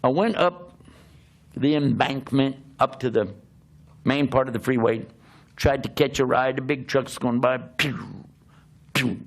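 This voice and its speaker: An older man, a preacher, telling a humorous personal story in an animated, self-mocking way, often laughing as he talks. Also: mid-range voice, unhurried, gravelly, pauses often.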